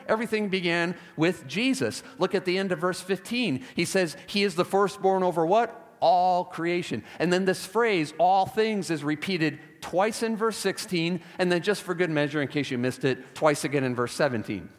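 A man's voice: sits high, moderate pace, hardly any pauses. A man preaching a sermon, emphatic and repeating key words for stress, with wry asides. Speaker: pastor. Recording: long hall reverb.

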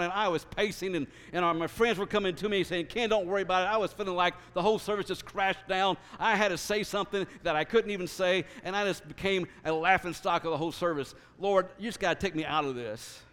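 A man with a rather high voice tells his personal story of faith to a congregation. He speaks earnestly and animatedly, doubling back on his words. His voice carries a long reverb, as if in a large hall. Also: fast talker, few pauses, clean tone. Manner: earnest, animated, with frequent restarts. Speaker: speaker sharing his testimony.

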